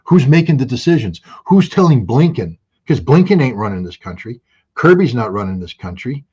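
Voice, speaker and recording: A man as a guest in casual political talk, animated, restarting often with many fillers. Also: mid-range voice, moderate pace, husky, highs cut off.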